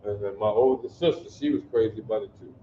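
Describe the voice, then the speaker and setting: A man from Detroit teaching a basic Hebrew class, drilling pronunciation slowly and coaxing the class to answer. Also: fairly low pitch, mellow, slight background noise. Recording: echoey room, distant dull mic.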